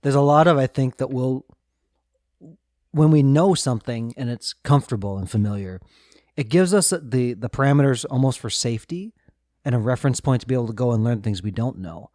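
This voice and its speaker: A man's voice: mid-range voice, brisk, mellow, no echo, clean studio sound. A middle-aged man hosting a podcast, reflective and easygoing, asking questions and sharing his own travel stories. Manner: reflective, asks guiding questions, laughs lightly. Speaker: podcast host. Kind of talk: casual podcast chat.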